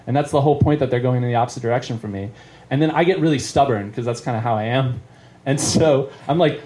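Here a male comedian on stage at a live venue winds through a lengthy tale, interrupting himself and laughing at his own material. He talks fast, with a warm, medium-pitched voice.

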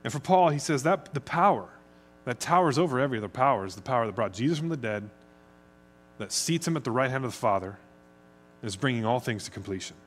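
A man's voice: mid-range voice, quick pace, slight background noise. A middle-aged man from the United States, preaching a conversational sermon as pastor. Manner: conversational, chatty, speeds up when excited.

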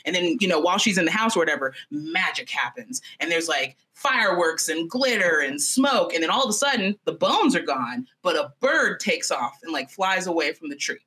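Bright-voiced, animated young woman storyteller. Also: lowish voice, normal speed, hardly any pauses. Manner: animated, profane, chatty. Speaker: podcast host. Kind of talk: comedic storytelling.

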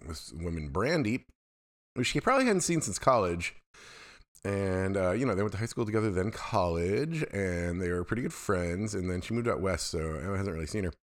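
A man's voice: low voice, expressive, normal speed. A middle-aged man hosting his own podcast, talking candidly and at length in a loose, rambling way. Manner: rambling, candid, self-deprecating. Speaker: podcast host. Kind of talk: casual solo monologue.

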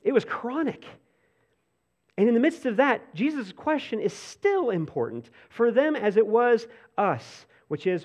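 A man preaching a sermon in a casual, conversational way, full of "like" fillers and restarts, swinging between animated bursts and hushed, soft passages. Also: very high voice, a little slow. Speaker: pastor.

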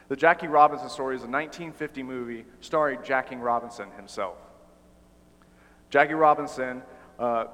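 A man preaching a sermon in an animated way, often slipping into acted-out dialogue. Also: medium pitch, long reverb tail. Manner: animated, acts out quoted dialogue.

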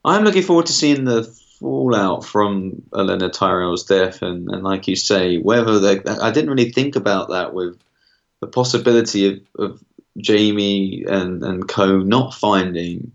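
Deep-voiced male podcast co-host, dull sound. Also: unhurried, vocal fry. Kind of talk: casual discussion.

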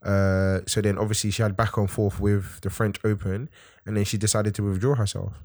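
Low-voiced guy, dry close sound, talks slow with lots of uhs. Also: little pitch movement, darkish tone, dry recording. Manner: hesitant, measured, many uhs. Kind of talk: casual chat.

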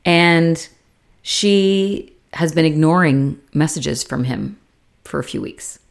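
A woman co-hosting a casual podcast chat, recapping a TV series and acting out the characters' lines with big leaps in pitch. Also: slow pace, vocal fry. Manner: animated retelling, acts out quotes with big pitch jumps. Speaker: podcast co-host.

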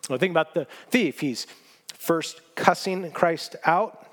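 A man's voice: fairly high pitch, slow pace, fairly bright tone. Earnest male pastor preaching. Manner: earnest, emphatic repetition with restarts. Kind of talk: sermon.

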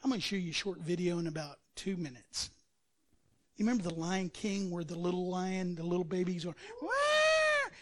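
Animated man preaching a sermon. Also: sits high, a little fast. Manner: animated storytelling, acting out scripture quotes and sound effects. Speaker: pastor.

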